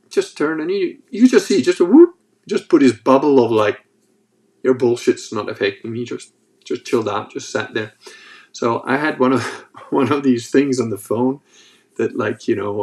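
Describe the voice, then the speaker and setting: A man hosts a podcast in an easygoing monologue. He rambles through stories in a mid-pitched voice, peppered with swearing and fillers. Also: expressive, moderate pace, a little mellow. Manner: rambling, profane, lots of fillers. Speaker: podcast host. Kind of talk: casual monologue.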